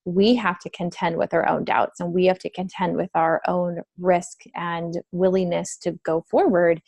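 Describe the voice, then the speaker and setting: Low, gravelly-voiced woman podcast host. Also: little pitch movement, moderate pace, a little mellow, no echo. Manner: thoughtful, long flowing sentences, drops to near whisper at times. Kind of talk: reflective conversational interview.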